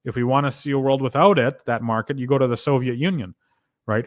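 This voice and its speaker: A man's voice: mid-range voice, brisk, no echo. Canadian man lecturing in a dry room. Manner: lecturing, explains with examples, ends points with "right?". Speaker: podcast host. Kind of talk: casual conversational commentary.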